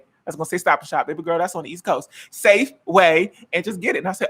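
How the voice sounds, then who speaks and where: A man's voice: fairly high pitch, fast, hardly any pauses, a bit bright, husky. A man in his twenties hosting a casual live-stream cooking chat from his home kitchen, sassy, dramatic and playfully teasing. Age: 20s. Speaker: host.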